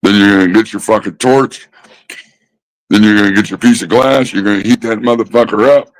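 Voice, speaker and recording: A man ranting casually about smoking habits, swearing constantly and mocking others with drawn-out pauses. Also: on the low side, steady tone, poor audio. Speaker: host. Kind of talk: casual profane rant.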